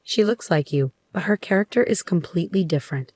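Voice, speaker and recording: A woman's voice: on the low side, animated, a little fast, darkish tone, no echo, studio quality. A woman voicing a firm, protective husband who speaks courteously.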